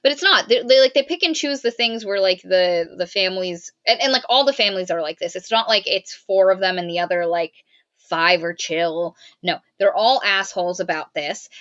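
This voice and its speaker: A woman's voice: medium pitch, normal speed, fairly bright tone. A woman of Cypriot family co-hosting a podcast, chatting casually and rambling with lots of fillers and restarts. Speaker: podcast co-host. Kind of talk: casual book review chat. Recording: muffled lo-fi mic.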